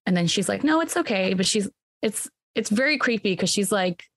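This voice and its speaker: A woman's voice: medium pitch, moderate pace, husky. A woman retelling a movie's plot to friends in a casual chat, acting out the characters' lines and filling her talk with "like" and "um.". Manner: retells scenes with quoted voices, lots of "like" and "um". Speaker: movie recapper.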